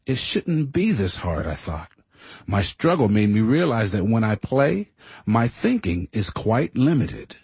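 A man narrates a first-person audiobook with a husky, lower voice that moves through a lively range of pitch. His delivery is reflective and earnest, and the recording sounds dry and close with no room echo. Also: a little slow.

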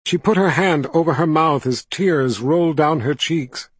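Slow, husky male audiobook narrator. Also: a little high, no echo. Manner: measured, steady storytelling.

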